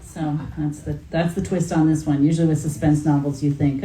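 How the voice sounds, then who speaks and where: A woman's voice: deep voice, level tone, brisk, few pauses, dark tone. A woman author chatting at a bookstore event, talking with many fillers and restarts. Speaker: author in conversation. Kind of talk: casual chat at bookstore event. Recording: roomy hall, faint background noise.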